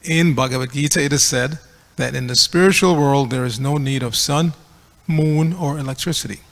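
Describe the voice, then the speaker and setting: A man's voice: medium pitch, normal speed, gravelly, fairly bright tone, in a large hall. A man giving a scripture class, reading aloud and correcting pronunciation in a teacherly way. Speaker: class speaker. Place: temple hall.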